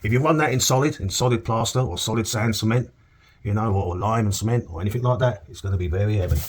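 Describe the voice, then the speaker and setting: A middle-aged man with a lowish, slightly rough voice talks at a quick pace while showing cornice plastering in an indoor room on a job site. He jokes and chats throughout, regularly asking "okay?"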